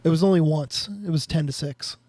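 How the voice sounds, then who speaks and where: A man's voice: a little high, fairly quick, a little mellow. A man talking as a podcast guest in casual chat, dry and a bit tired.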